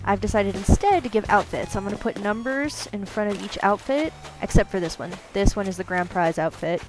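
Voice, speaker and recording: A woman's voice: mid-range voice, brisk, over music. A woman hosting a gaming video, chatting casually and rambling upbeat while she plays. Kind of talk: casual gameplay commentary.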